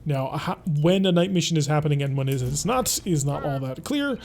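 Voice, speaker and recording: Male game-stream host, fairly high, mellow voice, relaxed running commentary. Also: a little fast, creaky. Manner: thinking aloud, relaxed and chatty. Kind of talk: let's play gameplay commentary.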